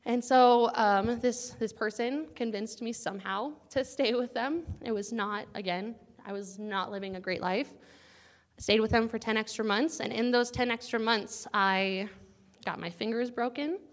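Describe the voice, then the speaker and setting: A woman's voice: fairly high pitch, moderate pace. A young woman casually sharing a personal testimony with a campus group, earnest and chatty and at times close to tears. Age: young adult. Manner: earnest, casual, chatty with many likes and guys.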